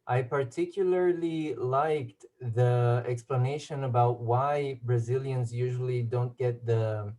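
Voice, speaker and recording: Brief: man hosting an online meeting, mellow tone, unhurried, appreciative. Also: mid-range voice, fairly even intonation. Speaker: meeting host. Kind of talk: casual meeting remarks.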